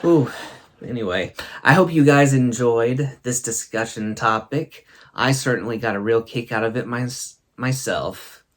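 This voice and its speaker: A man's voice: medium pitch, a little slow, hardly any pauses, a little hiss or hum. A man hosting a comedy show, telling funny stories to the camera and laughing as he talks. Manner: chuckling, laughing through his stories. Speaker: host. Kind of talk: comic storytelling to camera.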